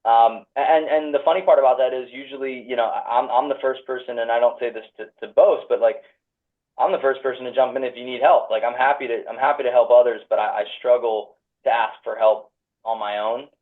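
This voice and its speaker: A man's voice: mid-range voice, fairly even intonation, a little fast. A man in his thirties from Philadelphia, answering at length as a guest on a call, rambling and restarting his sentences often. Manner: rambling, full of restarts and hedges. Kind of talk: reflective conversational answers. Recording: tinny phone-like video call audio.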